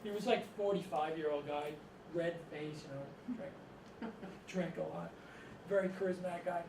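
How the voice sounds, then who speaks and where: A middle-aged man from Massachusetts with a fairly high voice spins rambling anecdotes to a live audience and chuckles as he goes. He is caught from some distance in an echoey room, and a steady layer of noise sits under his voice. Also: moderate pace. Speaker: author and storyteller. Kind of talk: storytelling talk to a live audience.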